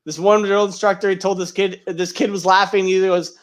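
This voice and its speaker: Male podcast co-host, profane blunt banter, slightly high pitch. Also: level tone, a little fast, few pauses. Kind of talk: casual banter.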